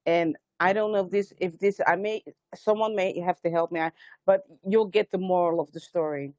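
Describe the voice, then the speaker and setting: A woman with a lowish, somewhat dark voice hosts a live sound healing stream, recorded dry with no room sound. In this spiritual livestream talk she tells stories earnestly, rambling and restarting often as she urges listeners to stand strong.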